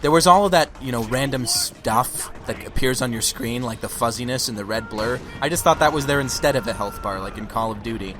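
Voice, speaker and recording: A man's voice: mid-range voice, a little fast, hardly any pauses. A man giving casual, teasing commentary while his friend plays a video game. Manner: joking, teasing banter. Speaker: let's play co-commentator. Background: game music.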